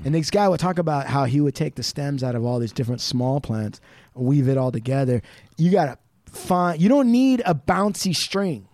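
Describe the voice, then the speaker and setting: A man's voice: on the high side, lively intonation, moderate pace, darkish tone, dry recording. A man from the Pacific Northwest US, a podcast guest rambling in casual chat with lots of "like" and swearing. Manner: rambling, profane, full of "like".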